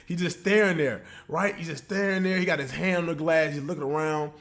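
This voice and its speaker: A man casually telling a funny story on his livestream in an animated, slangy way with lots of asides. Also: on the high side, fairly quick, few pauses.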